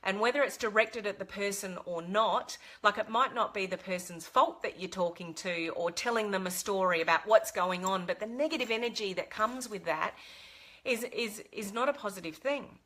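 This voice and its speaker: A woman with a bright, forward voice talks straight to the camera, giving earnest advice. She is middle-aged and speaks casually, with fillers and restarts. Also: mid-range voice, moderate pace. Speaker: vlogger giving life advice.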